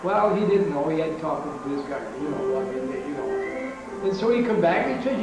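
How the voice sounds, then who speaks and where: A man's voice: a little high, lively intonation, brisk, over music. An older man, a former ballplayer, telling stories in a rambling way with many fillers. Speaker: former baseball pitcher. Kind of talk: reminiscing interview. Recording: echoey, distant, faint noise.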